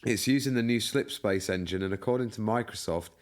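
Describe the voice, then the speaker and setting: A man's voice: on the low side, fairly quick. A man co-hosting a gaming podcast, reading out news in a hesitant way with many fillers. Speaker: podcast co-host. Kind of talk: casual podcast chat, reading news notes.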